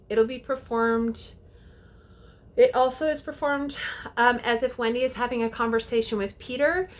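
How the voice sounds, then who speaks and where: A woman with a slightly high voice explains audition steps as a youth theater director. She talks in a casual, chatty way and often stops to check in with a quick "okay?". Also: a bit bright. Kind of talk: casual instructional talk to parents and kids.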